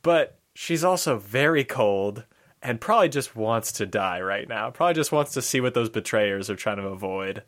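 Joking man, lively game master. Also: fairly low pitch. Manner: quick, defensive, joking. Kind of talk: casual chat about a game session.

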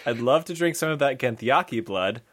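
A man's voice: mid-range voice, animated, brisk, fairly bright tone. A man voicing a scheming prisoner in a sorcerer's collar, coaxing and sly.

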